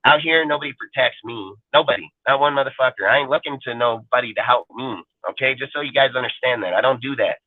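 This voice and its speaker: A man's voice: mid-range voice, quick pace, hardly any pauses, no room sound. Brief: angry, cursing man mid-rant, phone-quality audio, dry and close. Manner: profane, aggressive, taunting. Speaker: show panelist. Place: home in a rural forest area. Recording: tinny, dry phone-like line.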